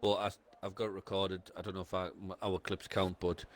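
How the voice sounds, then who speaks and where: A man's voice: deep voice, flat delivery, fairly quick. Man, Geordie accent, esports race commentary, corner-by-corner calls, noisy mic. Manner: talks through each corner step by step, rising as the lap builds.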